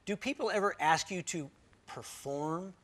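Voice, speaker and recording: A man's voice: high-pitched, a little slow, a bit bright. A man hosting an interview, asking friendly, curious questions. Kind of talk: interview conversation.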